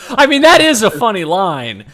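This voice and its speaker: A man chatting casually while playing a video game, animated, swearing casually and laughing often. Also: high-pitched. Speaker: gaming video co-host. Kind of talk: casual chat.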